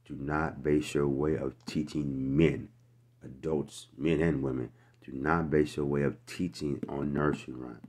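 A man's voice: very deep voice, flat delivery, a little slow, darkish tone, husky. A man teaching scripture verse by verse in a casual, slangy way, talking straight to viewers and growing emphatic as he preaches. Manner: preachy and repetitive, grows heated and emphatic. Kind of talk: verse-by-verse scripture reading and commentary.

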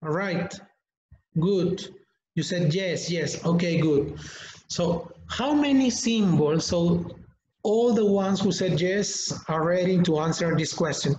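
A man's voice: sits high, lively intonation, a little mellow, slight background noise. Echoey man leading a teaching webinar. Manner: slow and deliberate, repeats words, calls on participants by name. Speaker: English teacher trainer, webinar host. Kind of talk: live online teacher-training webinar. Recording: echoey, slightly muffled webinar audio.

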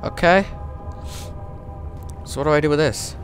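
A young man panicking, yelling and reading text aloud while playing a horror game. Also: on the high side, a little slow, faint music behind. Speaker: gamer. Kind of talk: horror let's play commentary.

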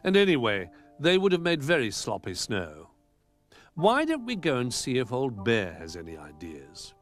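A man's voice: medium pitch, wildly swooping pitch, normal speed, soft background music. A man voicing a prim, know-it-all toy duck in a storybook reading.

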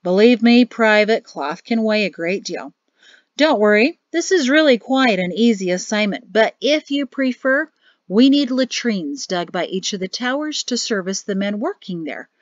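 A woman's voice: medium pitch, animated, normal speed, no room sound, natural voice. A woman voicing an exasperated male army major who grumbles and sputters. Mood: amused. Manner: grumbling, weary and flustered. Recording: dry, slightly muffled audio.

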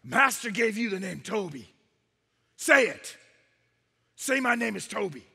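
A man's voice: sits high, big pitch swings, measured pace, vocal fry, sharp tone, husky, long reverb tail, voice pushed up, heavily acted. A man voicing a cruel male overseer who barks harsh, commanding orders.

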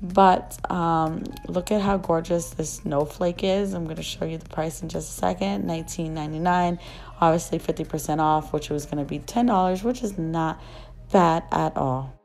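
A young woman vlogger, her voice still rough after losing it, chatting and gushing in a casual shop-with-me voice-over. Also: low voice, normal speed, a little mellow, faint music behind. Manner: gushing, chatty, many fillers. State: rough voice, just recovering.

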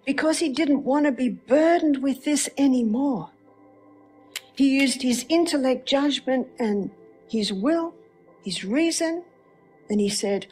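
A woman's voice: sits high, takes it slowly, a little mellow, faint music behind. A woman giving a faith-based lecture, telling a story with rhetorical questions. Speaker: speaker.

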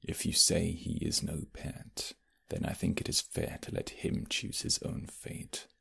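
A man's voice: very deep voice, completely flat delivery, measured pace, vocal fry, a bit bright, slightly rough, exaggerated voice. A man voicing a sly, smug British nobleman rival who taunts and threatens in an audio role-play.

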